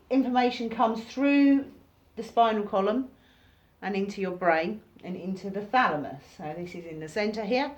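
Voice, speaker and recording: A woman giving an informal recorded workshop lesson, talking casually and acting out reactions in sudden high bursts. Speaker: workshop teacher.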